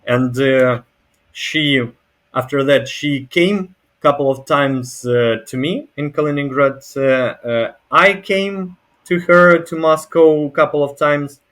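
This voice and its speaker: A man's voice: a little high, fairly even intonation, slow, a bit bright. Russian guy practicing english on a video call, lots of uhs and restarts. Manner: hesitant, many fillers and restarts. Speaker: language exchange partner. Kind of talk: casual conversation.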